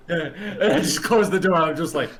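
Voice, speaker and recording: A man's voice: a little high, a little slow, crowd noise. A man playing a tabletop game. He talks in a rambling way and laughs often. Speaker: player. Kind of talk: tabletop role-play.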